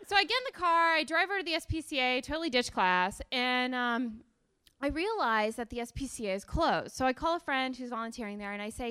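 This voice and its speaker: A woman's voice: sits high, lively intonation, fast talker, pushed and bright, clear, resonant tone. A young woman telling a personal story live to an audience in a chatty, rambling way, with lots of ums and self-deprecating humor. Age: young adult. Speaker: storyteller and salesperson.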